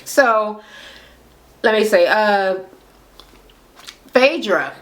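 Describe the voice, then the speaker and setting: A young woman vlogger talks straight into her camera at home, loose and profane, with a sassy, mocking edge. Her pitch sits in an ordinary middle range. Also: animated, very slow. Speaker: reality TV recap vlogger. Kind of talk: casual recap rant. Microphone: camera mic.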